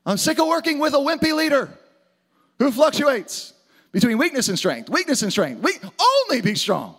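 A man preaching an energetic sermon to a church audience, often shouting for emphasis. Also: extremely high pitch, normal speed. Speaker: pastor. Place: church auditorium with live audience.

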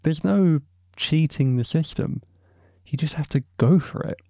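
A young university student hosts a podcast, delivering a rambling, opinionated solo monologue packed with asides. His voice is a little high, unhurried, creaky and mellow, with clean studio sound and no room sound.

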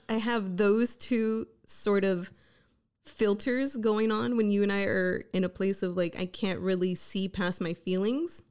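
A woman's voice: medium pitch, darkish tone, smooth. Playful, frank young woman podcaster. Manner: laughs often, blunt and playful. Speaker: podcast co-host. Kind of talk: casual couple chat.

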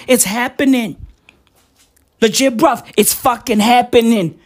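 A man ranting casually and profanely, rambling and excitable, with sudden shouts. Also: extremely high pitch, slow.

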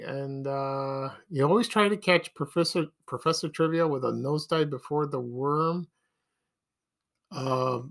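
A man hosting a casual solo podcast, talking in a hesitant, halting way and chuckling between points. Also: mid-range voice, vocal fry, a bit bright. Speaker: podcast host.

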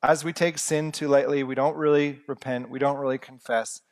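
A man's voice: mid-range voice, steady tone, normal speed. A young man preaching a sermon in an earnest, conversational way with humorous asides.

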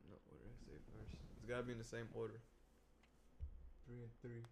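A man in casual chat, running a silly improv game with a friend in a relaxed, crude way, often laughing and mumbling off. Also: medium pitch, fairly quick, creaky, background noise. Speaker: game leader.

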